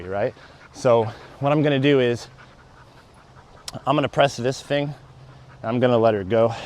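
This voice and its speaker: A young man, a dog trainer, talking casually through each step of a training session while walking his dog outdoors. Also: slight background noise. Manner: explains steps aloud, breaks into high excited praise for the dog. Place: outdoors on a walking path and grass.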